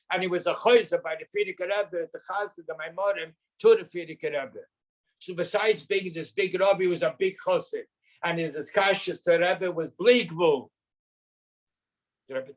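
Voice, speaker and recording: A man's voice: high voice, moderate pace, rough recording. A man in his eighties from Canada, earnestly reminiscing in an interview with rambling anecdotes. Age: 80s.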